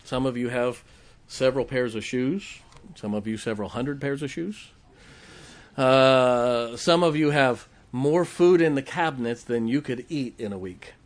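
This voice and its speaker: A man's voice: medium pitch, unhurried. A middle-aged man preaching a folksy sermon, often asking the congregation questions. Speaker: pastor.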